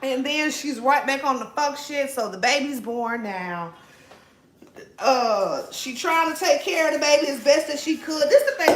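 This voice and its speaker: A young woman chatting casually while cooking at home, profane and laughing often, her voice swinging between loud and soft. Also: sits high. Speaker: vlogger. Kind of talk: casual cooking vlog chat. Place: home kitchen. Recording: echoey room, faint noise.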